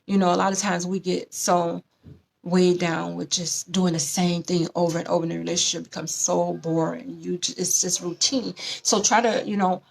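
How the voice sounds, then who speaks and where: A woman hosting a relationship advice show, speaking in a lively, preachy way, often acting out other people's lines. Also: fairly low pitch, normal speed, creaky. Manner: animated, preachy, acts out quoted voices. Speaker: host. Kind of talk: casual advice talk show.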